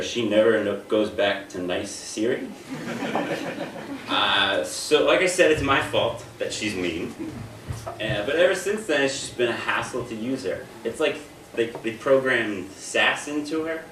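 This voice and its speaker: Young american guy doing standup, bright edgy voice, echoey room, mic far away. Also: medium pitch, animated, a little slow. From United States. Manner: self-deprecating, repeats his openings. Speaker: stand-up comedian. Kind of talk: stand-up comedy. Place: stage in a room. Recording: echoey room, distant mic, faint noise.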